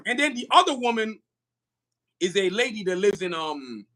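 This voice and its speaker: A man, a podcast guest talking in an animated, emphatic way, often repeating himself and laughing. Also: high-pitched, moderate pace. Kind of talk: casual podcast conversation.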